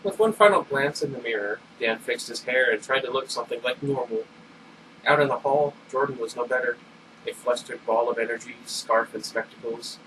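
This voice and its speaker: A man's voice: medium pitch, normal speed. A man reading a novel aloud in a casual storytelling way, stumbling and correcting himself as he goes. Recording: distant mic with air-conditioner hum.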